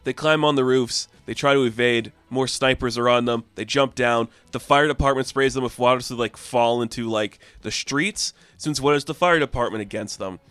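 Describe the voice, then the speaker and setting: A man's voice: mid-range voice, moderate pace, hardly any pauses, fairly bright tone, clear, resonant tone, dry recording. A man giving a casual, enthusiastic spoken review of a comic book, with lots of filler words.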